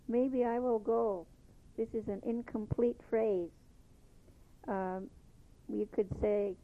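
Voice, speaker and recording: A woman teaching a language lesson, patiently repeating each phrase slowly before explaining it. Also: a little high. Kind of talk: slow spoken language lesson. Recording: tinny phone-like lo-fi recording.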